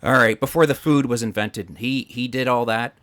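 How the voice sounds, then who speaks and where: Male podcast host, bright tone, loose crude storytelling in casual chat. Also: mid-range voice, steady tone, normal speed.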